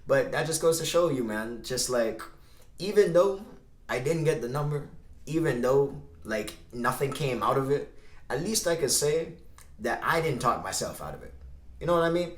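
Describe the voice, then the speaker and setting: A man's voice: medium pitch, expressive, moderate pace. Casual male vlogger in a roomy space. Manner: conversational, acts out both sides of dialogues. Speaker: vlogger giving dating advice. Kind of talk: casual storytelling to camera. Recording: roomy echo.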